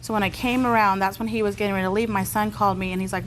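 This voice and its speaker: A woman litigant tells her side of the story to a judge. She talks quickly, piling up details and apologizing as she goes. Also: mid-range voice, steady tone, a little hiss or hum, low-quality recording. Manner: rushed, apologetic explaining. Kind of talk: courtroom testimony.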